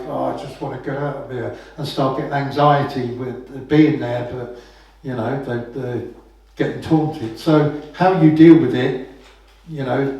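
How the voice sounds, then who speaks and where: Speaking in a mellow, medium-pitched voice, a man delivers an anecdotal common law talk in a casual style, frequently ending his points with "right?" The room is very echoey and he sits well away from the microphone.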